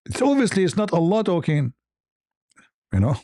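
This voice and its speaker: Male debate host, sarcastic and challenging, highish mellow voice, dry close sound. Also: lively intonation, fairly quick, no room sound. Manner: sarcastic, challenging, rhetorical questions. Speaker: online debate show host. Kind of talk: polemical commentary.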